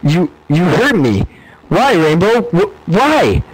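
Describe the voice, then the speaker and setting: A man's voice: high-pitched, very animated, normal speed, husky, exaggerated voice, rough recording. A man voicing a timid, weeping young filly pony who stammers and quavers. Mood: tearful.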